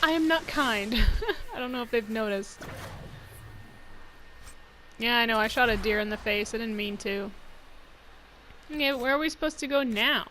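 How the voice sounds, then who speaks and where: A woman's voice: on the high side, normal speed, long pauses, noisy background. A woman hosting a let's-play video, chatting to her viewers as she plays, joking and laughing often. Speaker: gaming channel host.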